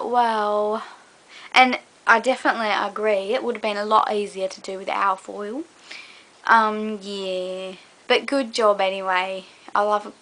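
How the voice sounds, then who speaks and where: A woman's voice: medium pitch, pushed and bright. A young woman chatting casually to a fellow vlogger in a put-on British accent, rambling with many fillers. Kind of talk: casual chat to a collab partner.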